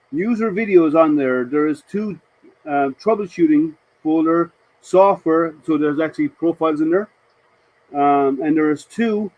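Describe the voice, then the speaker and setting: Male streamer, chatty and halting, answers chat, slightly high voice, dry room. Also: dry recording, muffled recording. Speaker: live stream host. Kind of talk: casual live stream chat.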